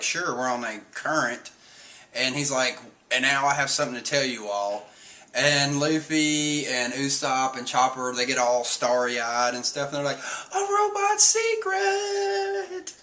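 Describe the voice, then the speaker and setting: Man, bright forceful voice, casual rambling recap, lots of filler words, reads out quotes. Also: mid-range voice. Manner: rambling, filler-heavy, often reads and acts out character lines. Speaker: streamer recapping a manga chapter.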